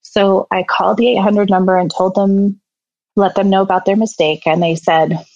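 A woman's voice: mid-range voice, flat delivery, moderate pace, a little mellow, dry recording. A middle-aged woman candidly telling a personal story in an earnest, emotional way. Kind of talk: personal story told to an audience. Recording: slightly dull sound, faint music behind.

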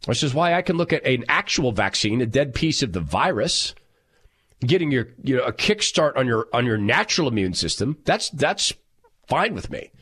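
Loud, animated husky-voiced radio host. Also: male voice, medium pitch, normal speed. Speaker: radio talk show host. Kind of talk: talk radio monologue reading listener texts.

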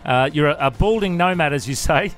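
A man's voice: on the high side, expressive, brisk, soft background music. A man co-hosting a radio interview in a playful, joking, upbeat way. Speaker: radio host.

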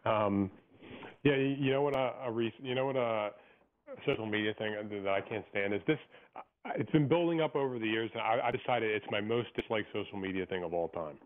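A man's voice: fairly low pitch, brisk. Male caller from Philadelphia, rambling opinionated rants, narrow phone-line sound. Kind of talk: phoned-in radio chat. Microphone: telephone. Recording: tinny phone line on radio.

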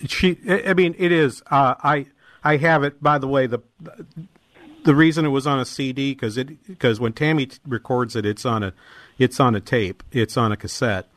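A man's voice: medium pitch, moderate pace, a bit bright, dry recording. A man hosting a casual radio interview, speaking hesitantly with many fillers and restarts. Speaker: radio host.

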